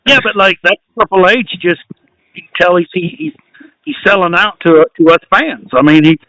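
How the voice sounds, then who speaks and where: A man tells crude, jokey bits in a casual podcast chat and breaks into laughter often. His voice is high and bright. The sound is dry and close to the mic. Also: expressive, normal speed, no echo, poor audio. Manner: laughing, jokey storyteller, sweary.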